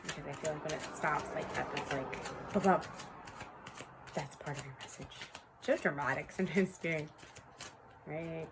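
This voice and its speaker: A woman in her thirties with a fairly low voice hosts a casual tarot reading from home. She rambles warmly to her viewers and laughs often as she talks. A faint hiss sits under the recording. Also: steady tone, normal speed, creaky. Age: 30s. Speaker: tarot reader.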